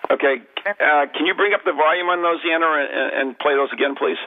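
A man hosting a casual radio chat about ghost hunting, talking in a rambling, halting way with many restarts. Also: a little high. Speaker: paranormal investigator host. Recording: tinny phone-line radio audio.

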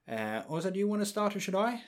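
A man in his forties co-hosting a casual podcast and speaking in a measured, deliberate way as an experienced game master. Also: high-pitched, very animated.

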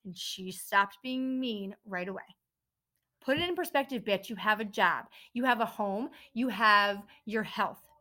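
A woman's voice: medium pitch, unhurried, pushed and bright. A woman who works in a dental office front desk, hosting her own podcast and venting bluntly with plenty of swearing. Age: adult parent. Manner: frustrated, blunt, swears often.

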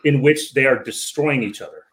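A man's voice: medium pitch, lively intonation, moderate pace, fairly bright tone. Earnest lecturing man. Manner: earnest, lecturing, repeats words and says right?. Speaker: guest. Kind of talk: casual podcast conversation.

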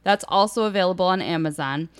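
A woman podcast host reading a local history passage aloud with lively emphasis, then chatting casually. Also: lowish voice, fast talker, clear, resonant tone.

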